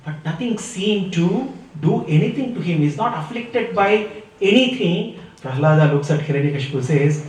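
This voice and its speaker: A man's voice: high voice, expressive, normal speed. A man giving a devotional scripture discourse, telling stories and chanting verses. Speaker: spiritual teacher. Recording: echoey room, mic far off.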